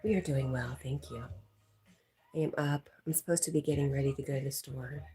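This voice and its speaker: A woman's voice: rumbling low, steady tone, a little fast, mellow. A woman hosting a livestream, chatting casually and teasing as she reads viewer comments aloud, laughing often. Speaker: livestream host.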